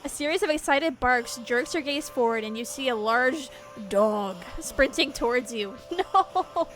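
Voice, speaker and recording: Her voice sits on the high side with a fairly bright tone and a moderate pace. She's a woman streaming gameplay live, reading the game's text out loud and frequently laughing and swearing, with game music in the background.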